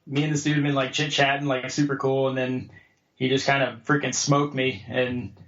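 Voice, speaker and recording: Speaking at normal speed, this podcast guest from the United States, a jiu-jitsu black belt, has a medium, fairly bright voice with little pitch movement. He relaxes into a story, raising his voice to imitate others. The sound is roomy and a bit dull.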